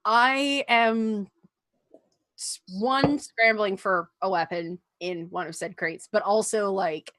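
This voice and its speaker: A woman playing a tabletop game, describing her character's actions in a hesitant, halting way. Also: medium pitch, fairly bright tone, a little hiss or hum, rough recording. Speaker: player.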